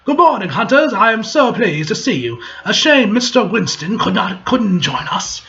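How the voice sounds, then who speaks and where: Man doing a put-on British lord, pompous and formal, pitched up, lo-fi. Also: sing-song, moderate pace, bright, forceful tone, full character voice. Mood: gracious. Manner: grandly welcoming, formal. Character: pompous British aristocrat hosting a hunt.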